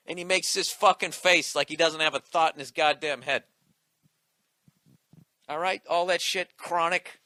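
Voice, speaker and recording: Brief: male comedian ranting hard and swearing, sharp bright tone, dry close sound. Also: on the high side, fairly even intonation, unhurried, long pauses, no room sound. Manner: profane, combative ranting. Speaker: comedian podcast host. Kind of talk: comedic rant.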